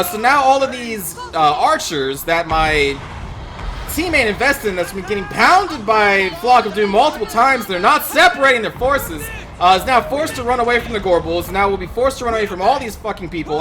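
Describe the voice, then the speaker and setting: A man's voice: sits high, animated, a little fast, over music. A man giving gameplay commentary as a channel host, ranting in exasperation and swearing often.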